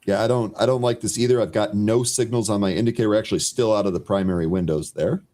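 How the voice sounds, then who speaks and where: Brisk man calling live market moves. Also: lowish voice, warm tone. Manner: brisk, dry, sarcastic asides. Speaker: trading show co-host.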